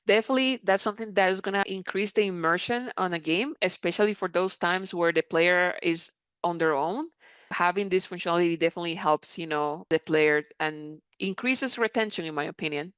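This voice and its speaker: A woman mentor presenting a live software tutorial, reading viewer comments aloud and answering them in a conversational, encouraging way. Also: lowish voice, brisk, clean tone, dry recording. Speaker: creator program mentor presenting a live session. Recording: slightly dull, dry audio.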